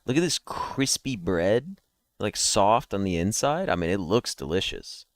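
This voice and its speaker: Through a headset mic, a yawning man keeps up an endless ramble with the viewers of his daily guessing-game stream. He speaks in a lowish, sing-song voice, taking his time, with no room sound. The talk is casual live-stream chat.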